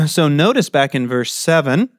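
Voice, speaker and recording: A man preaching a sermon in a conversational way, his pitch jumping up for emphasis. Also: big pitch swings, takes it slowly, dry recording, clean studio sound. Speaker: pastor.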